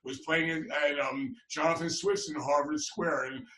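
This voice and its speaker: A man hosting a podcast interview, telling stories slowly with many fillers. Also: fairly high pitch, fairly even intonation, pushed and bright, echoey room, a little hiss or hum. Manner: rambling storyteller with many fillers. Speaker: podcast host. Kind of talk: conversational interview.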